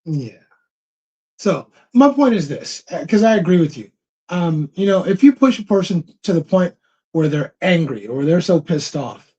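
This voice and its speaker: A blunt, husky-voiced man chats on a live Q&A stream and repeats himself to drive a point home. His breathy voice comes through dull, lo-fi stream audio. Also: sits high, sing-song, normal speed, dark tone. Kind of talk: casual live-stream chat.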